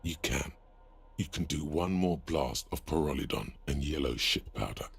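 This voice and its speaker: A dry, sardonic game narrator tells the story in scripted lines. His voice sits extremely low and sounds husky and breathy. The delivery is wry and unhurried. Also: full character voice. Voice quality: very deep and husky.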